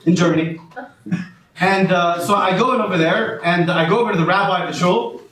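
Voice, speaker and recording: A man's voice: high voice, a little fast, fairly bright tone. A man performing a rambling stand-up set, peppered with Hebrew and Yiddish words, before a live audience. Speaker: stand-up comedian. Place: small comedy venue with a live audience. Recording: echoey room from far off with a laughing crowd.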